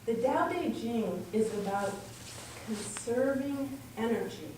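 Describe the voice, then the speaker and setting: Speaking slowly in a slightly high, somewhat mellow voice with lively intonation, a middle-aged spiritual speaker shares personal stories sermon-style and acts out the dialogue. The sound is distant and echoey, with a bit of faint noise.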